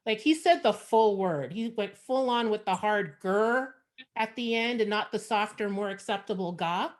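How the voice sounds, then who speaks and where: Canadian woman doing blunt deadpan standup on a video call, lots of "you know"s, middling pitch. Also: moderate pace. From Montreal, Canada. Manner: frank, sardonic, conversational with many fillers. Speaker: stand-up comedian. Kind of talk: stand-up comedy set over video call.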